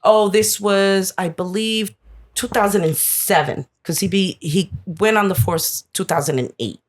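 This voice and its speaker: A woman's voice: mid-range voice, unhurried. Candid woman from Queens, fortyish. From Flushing, Queens, New York. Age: 40s. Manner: blunt and candid, laughs easily, swears casually. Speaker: guest, sister of a fallen police officer. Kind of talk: casual podcast interview.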